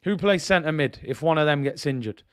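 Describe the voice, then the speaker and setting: A man's voice: fairly high pitch, moderate pace, clean tone, no echo, clean studio sound. A man hosting a football livestream, ranting in frustration and firing rhetorical questions. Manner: frustrated, rhetorical questions, reads out viewer comments. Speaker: football channel host. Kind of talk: livestream fan rant.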